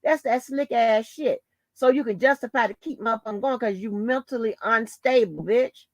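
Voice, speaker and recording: Speaking at a normal speed, a woman with a rather high voice rants angrily to the camera on her channel, full of profanity, taunts, and insults. The recording is dry.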